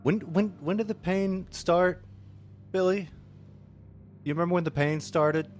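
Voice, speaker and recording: A male player speaking in character in a tabletop game, soothing and gently questioning a patient. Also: sits high, a little slow, soft background music. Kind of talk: in-character tabletop role-play.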